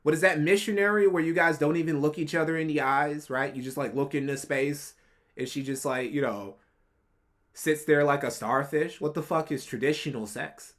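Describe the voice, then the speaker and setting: A man's voice: fairly high pitch, steady tone, normal speed, a bit bright. A man streaming a reaction, giving mocking, profane commentary on a clip.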